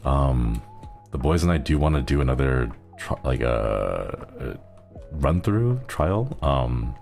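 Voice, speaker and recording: Very deep gravelly man, easygoing streamer. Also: darkish tone. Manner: rambling, chuckles often, thanks viewers. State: resting a strained throat. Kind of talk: casual gaming stream chat.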